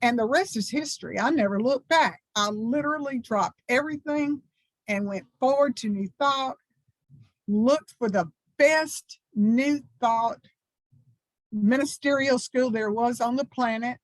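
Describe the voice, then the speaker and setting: A woman's voice: fairly high pitch, unhurried, dry recording, low-quality recording. A woman in her sixties with a Southern US accent, a reverend telling personal stories in a talk at church, enthusiastic and folksy. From American South. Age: 60s. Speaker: reverend, guest speaker.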